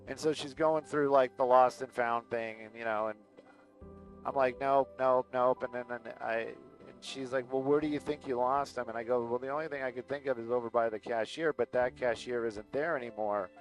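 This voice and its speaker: A man talks loosely into an aviation headset from a helicopter cockpit, chatting his way through a story with plenty of fillers and quoted back-and-forth. His voice sits at an ordinary middle pitch, and faint music plays underneath. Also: fairly even intonation, fairly quick, poor audio. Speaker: aerial news pilot and livestream host. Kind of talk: casual rambling storytelling.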